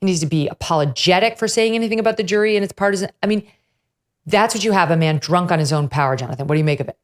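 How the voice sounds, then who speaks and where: A middle-aged woman hosting a political talk show, telling a story in an animated way and acting out the voices she quotes. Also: lowish voice, rapid-fire. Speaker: show host.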